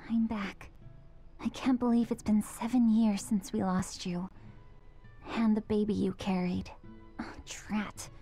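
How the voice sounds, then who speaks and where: A woman voicing a composed young woman in a video game, a protective older sister who talks calmly and quietly firm. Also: medium pitch, lightly acted. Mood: sorrowful. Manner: calm, level, quietly firm. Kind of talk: game voice acting.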